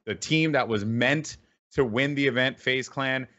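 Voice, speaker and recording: A man talking fast and loose as an interview guest, restarting sentences and piling on "like" as he tells a story. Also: mid-range voice, dull audio. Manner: animated, many restarts and "like". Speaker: esports caster guest. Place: home room with a clanking heater.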